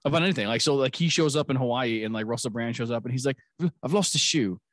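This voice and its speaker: A man chats casually on a podcast at a middling pitch. He rambles, laughs often and acts out movie scenes as he goes. His voice is close and dry. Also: racing, no room sound. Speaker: podcast host. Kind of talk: casual chat.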